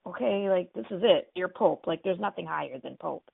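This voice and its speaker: Woman doing a meek fisherman, low and gravelly, over a dry, tinny phone line. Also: lively intonation, fairly quick, no echo, full character voice. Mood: awed. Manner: hesitant, sheepish, gushing when amazed. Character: timid, apologetic fisherman husband, easily awed.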